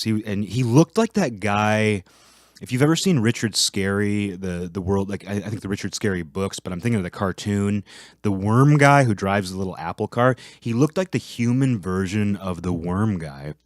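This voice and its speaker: A man's voice: lowish voice, no echo, clean studio sound. A man hosting a casual monologue, rambling with restarts and profane asides. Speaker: host.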